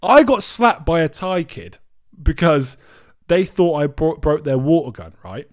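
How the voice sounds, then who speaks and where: A man from the UK co-hosting a podcast, telling a travel story in a rambling, animated way with lots of restarts. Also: on the high side, a little slow. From United Kingdom. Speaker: podcast co-host. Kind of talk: casual storytelling chat.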